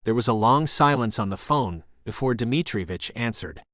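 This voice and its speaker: Male thriller narrator, mid-range voice, even storytelling read, dry booth sound. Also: medium pitch, normal speed, hardly any pauses, no echo. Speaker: audiobook narrator.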